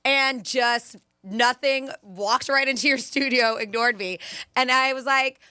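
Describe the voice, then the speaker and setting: A woman co-hosting a morning radio show in a studio, teasing and animated, acting out little scenes as she talks. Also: high voice, a little slow, clear, resonant tone, dry recording. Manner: animated, teasing, retells scenes in quoted voices. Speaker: radio co-host. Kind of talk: casual morning radio chat. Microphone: studio microphone.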